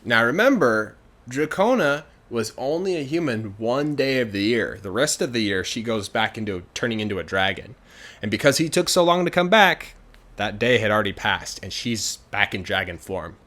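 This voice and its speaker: A male storyteller retelling a folk tale in a casual, conversational manner. He talks in a relaxed way, often using fillers. The voice sits in an average middle pitch. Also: moderate pace. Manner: chatty, many fillers, grows animated.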